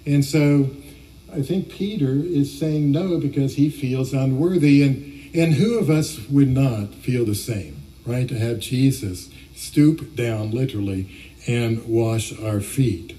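A man's voice: mid-range voice, slow pace, dark tone, recorded from a distance, rough recording. A man from Ohio preaching a sermon, earnest and reflective, often restarting his phrases. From Ohio, USA. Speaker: pastor.

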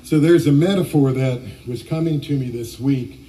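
A man's voice: mid-range voice, normal speed, dark tone, recorded from a distance, low-quality recording. A man from Ohio preaching a sermon, earnest and reflective, often restarting his phrases. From Ohio, USA. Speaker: pastor.

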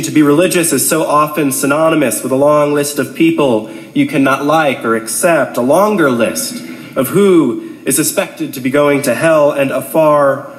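A priest in his late twenties with a cold and a nasal voice, giving a measured, wry talk to an audience. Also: on the high side, echoey room, a little hiss or hum, rough recording. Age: 20s. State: has a cold, clears throat.

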